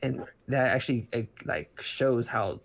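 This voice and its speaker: A man with a gravelly, creaky voice at an ordinary pitch, talking in a loose, rambling way. He starts over often and trails through fillers. This is casual chat between friends. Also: a little slow. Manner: rambling, many restarts and fillers. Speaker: podcast co-host.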